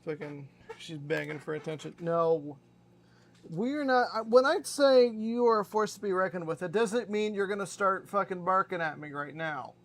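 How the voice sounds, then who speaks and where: High-voiced man chatting on stream. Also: moderate pace, a bit bright. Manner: scolding his dog between chatty asides, swears freely. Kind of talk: casual chat on a live stream.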